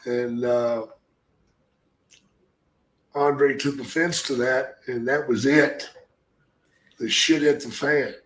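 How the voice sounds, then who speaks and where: A man, a retired pro wrestler, telling gruff, profanity-laced stories in casual podcast chat. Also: mid-range voice, steady tone, takes it slowly, pauses often, a bit bright, roomy sound. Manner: gruff, profane, rambling anecdotes.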